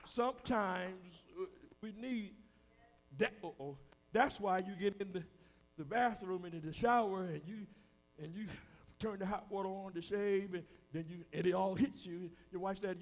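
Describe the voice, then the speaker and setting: A man preaching a sermon to a congregation, dropping to a hush and then rising loud again, acting out the voices of the people he quotes in a folksy way. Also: high-pitched, expressive, unhurried. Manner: preaching with sudden swings between hushed and loud. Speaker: pastor. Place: church hall with a congregation.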